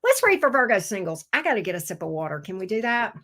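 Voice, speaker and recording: A woman giving a casual tarot reading, chatty and excitable, swearing now and then when she gets thrilled. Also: mid-range voice, fast talker. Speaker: tarot reader.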